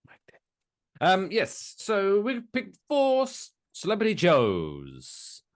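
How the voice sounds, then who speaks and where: A man's voice: high-pitched, wildly swooping pitch, slow pace, no room sound, clean studio sound. A man co-hosting a podcast in casual banter, playful, with announcer-style build-ups that draw out names. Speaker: podcast co-host.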